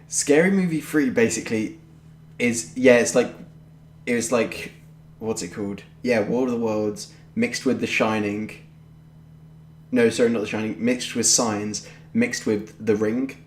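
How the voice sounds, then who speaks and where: A man's voice: lowish voice, little pitch movement, measured pace, slight background noise. A young man, co-hosting a podcast in casual chat, rambling and offhand with a jokey way of talking. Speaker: podcast co-host. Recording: roomy echoey home recording.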